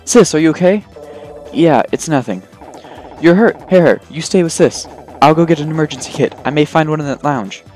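A man's voice: on the high side, lively intonation, moderate pace, a little mellow, faint music behind, pitched above the performer's own voice, close to an everyday voice. A man putting on an earnest, worried young game hero. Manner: reading in-game dialogue aloud in a raised voice.

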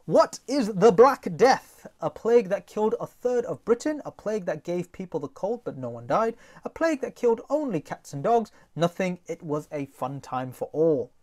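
A man teaching a recorded test-prep lesson, talking straight to his class in a lively, jokey way. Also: high-pitched, moderate pace, hardly any pauses.

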